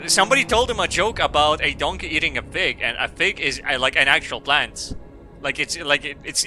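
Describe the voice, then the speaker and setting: A man's voice: mid-range voice, sharp tone. A man streaming a game, reading its dialogue aloud and joking crudely, rambling with lots of fillers.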